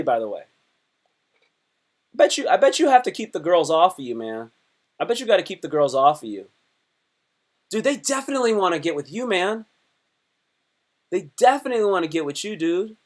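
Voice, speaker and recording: A man comedian chatting on a live stream in a rambling way, repeating himself and swinging between loud bursts and low mutters. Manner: slips into quick put-on voices. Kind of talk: casual live-stream chat.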